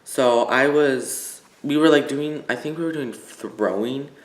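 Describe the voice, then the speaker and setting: A man's voice: mid-range voice, a little slow, echoey room. A teenage boy from Illinois telling stories in a casual vlog, rambling with lots of "like" and fillers. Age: teens. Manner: rambling, filler-heavy, full of "like". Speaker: vlogger.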